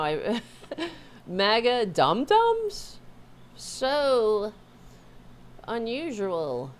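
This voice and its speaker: Host type: sarcastic woman, low-pitched, slow and animated, talking to her dog at home. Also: creaky, a little hiss or hum. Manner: sarcastic, scolding, rambling asides. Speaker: host of a political livestream. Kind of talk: live-streamed political commentary.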